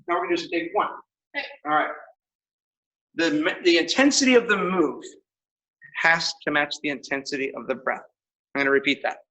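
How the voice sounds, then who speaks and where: A man teaching a martial arts class, calling out commands with energetic shouts and laughter. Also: a little high. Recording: echoey room, mic far off.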